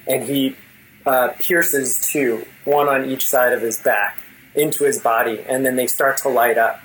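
A man's voice: medium pitch, steady tone, unhurried, fairly bright tone, poor audio. A man narrating a tabletop role-playing game as game master, in a loose storytelling way with many fillers.

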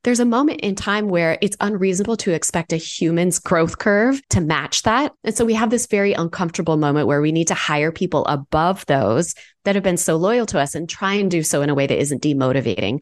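Low-voiced woman in her forties, articulate consultant in an interview, laughs now and then. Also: a little fast, few pauses. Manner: articulate, animated, laughs easily. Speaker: guest, executive consultant. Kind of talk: conversational interview answers.

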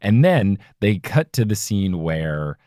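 A man's voice: fairly low pitch, dry recording, clean studio sound. An American man hosting a podcast, chatting casually and retelling scenes with a jokey, storytelling manner. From United States. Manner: jokey, animated storytelling with quick put-on quotes. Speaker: podcast host.

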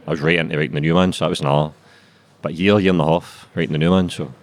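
A man's voice: very deep voice, steady tone, very fast. A Glaswegian man in his twenties, a writer being interviewed, talking casually, swearing a lot and dropping "aye, man" and "mate". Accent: Glaswegian Scottish. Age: 20s. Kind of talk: casual chat.

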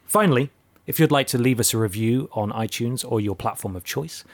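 Sweary podcast host, dry sound. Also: male voice, mid-range voice, fairly quick, no echo. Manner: relaxed, sweary, reads out plugs. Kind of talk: casual podcast chat.

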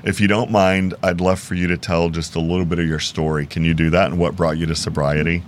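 A low, fast voice with little pitch movement belongs to a podcast host from Houston, Texas. He runs an upbeat, laugh-filled interview over a video call, and a little hiss or hum sits under the audio.

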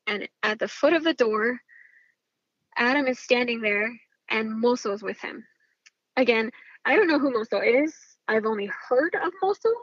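A woman's voice: a little high, slightly rough, no echo, highs cut off. A woman telling a personal story in casual speech, intense and swearing freely. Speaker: storyteller recounting a personal family event.

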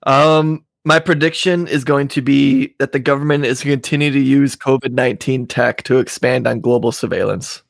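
A man's voice: mid-range voice, fairly even intonation, moderate pace, vocal fry, few pauses, dry recording, studio quality. A man co-hosting a casual podcast chat, brash and profane, laughing as he tells stories. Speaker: podcast co-host.

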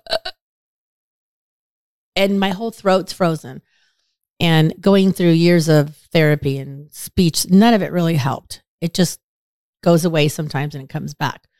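Her voice is smooth as she co-hosts a podcast, chatting casually and spinning stories. Whenever she quotes someone, she performs the line with big pitch leaps, a lively storyteller. There's no echo, just clean studio sound.

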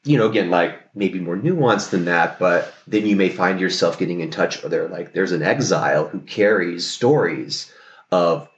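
In a deep voice at a moderate pace, the male therapist explains and reflects as a podcast guest, repeatedly checking in with "right?". The audio sounds dull, with a roomy echo.

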